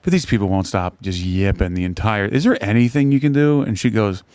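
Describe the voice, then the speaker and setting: A man's voice: lowish voice, brisk, darkish tone, clean tone, no room sound. A man in a casual podcast chat, telling wry stories and acting out what he said in them.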